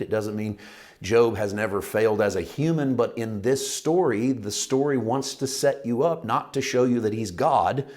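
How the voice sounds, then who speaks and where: A man's voice: medium pitch, a little mellow. A man teaching a Bible study lesson, talking in a conversational, emphatic way and asking his listeners questions.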